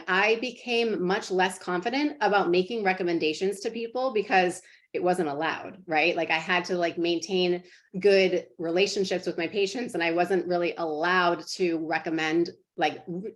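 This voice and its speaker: A woman in her thirties with a slightly low voice chats to her sales team over a video call. She is earnest and encouraging, full of "like" and "um," and her stories tumble out in a loose, friendly ramble. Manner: chatty, filler-heavy, earnest and encouraging. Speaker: team leader coaching sales partners. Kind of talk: casual motivational talk to a team call.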